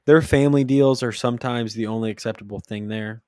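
A man's voice: medium pitch, steady tone, brisk, dark tone, dry recording, studio quality. A young man co-hosting a casual online chat, blunt and teasing, leading the ranking. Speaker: podcast co-host, runs the ranking.

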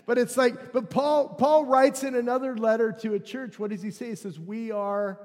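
A man preaching a sermon as pastor, animated and conversational, joking with his congregation. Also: high voice, long reverb tail. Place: church hall.

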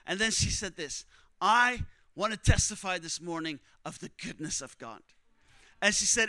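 A young man preaching, telling a missionary story with strong emotion, often dropping to a hush for other people's words. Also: high voice, no room sound. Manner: emotional, quotes others in hushed voices. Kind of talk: sermon storytelling.

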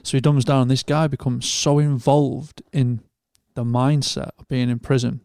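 A man's voice: medium pitch, normal speed, dry recording, clean studio sound. A man with a Northern English accent, a podcast co-host telling a long story in casual, sweary chat and acting out the people in it. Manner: sweary, animated storytelling with quoted voices.

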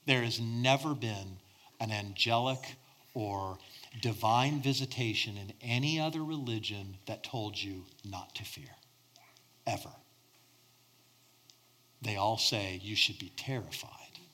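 Bright, animated male preacher. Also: a little high, unhurried. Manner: animated preaching, swinging between loud emphasis and hushed near-whispers. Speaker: pastor. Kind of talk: sermon.

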